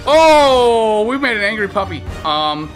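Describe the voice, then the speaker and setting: A man in his thirties streaming a video game, talking candidly and rambling, trailing off, then bursting into high excited reactions at the game. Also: measured pace, over music. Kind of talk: casual let's-play commentary.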